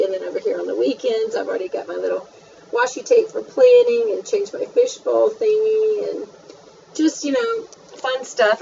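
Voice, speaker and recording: A woman's voice: a little high, vocal fry, a little mellow, recorded from a distance, a little hiss or hum. Woman vlogger, chatty and gushing, mic set back, dull lo-fi sound. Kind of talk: casual chat. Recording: dull, faint, off-mic home recording.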